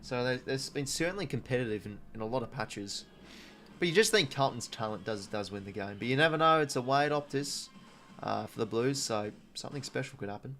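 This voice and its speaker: A lively, fairly quick man's voice at medium pitch with a slightly bright tone. He's an Australian in his twenties hosting a casual live watch-along stream, chatting loosely, reading viewer comments aloud and saying "mate" a lot.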